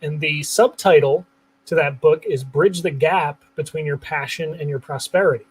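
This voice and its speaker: Enthusiastic male interview host, slightly high, husky voice, repeats words as he starts. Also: moderate pace, rough recording. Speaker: show host. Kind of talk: interview podcast talk.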